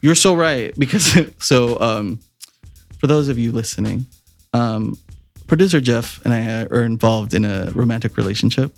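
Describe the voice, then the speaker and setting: A man co-hosting a podcast, telling stories in a casual, animated, profane way, often laughing. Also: mid-range voice, moderate pace, gravelly, soft background music. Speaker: podcast co-host. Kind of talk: casual chat, storytelling.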